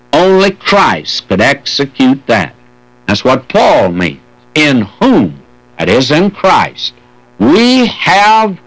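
Slow, earnest preacher on old radio. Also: male voice, fairly high pitch, fairly bright tone, rough recording. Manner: earnest preaching with folksy asides and scripture reading. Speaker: radio Bible teacher. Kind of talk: sermon.

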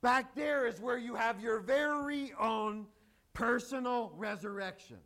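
High-voiced, slow-paced man preaching. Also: sharp tone. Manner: emphatic, joking asides to the congregation. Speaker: pastor. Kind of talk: sermon.

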